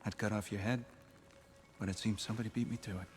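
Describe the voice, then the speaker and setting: A man's voice: lowish voice, fairly even intonation, fast talker, slight background noise, natural voice. An actor playing a proud, wary male god leading rebels, with a mocking, sardonic manner. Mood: menacing.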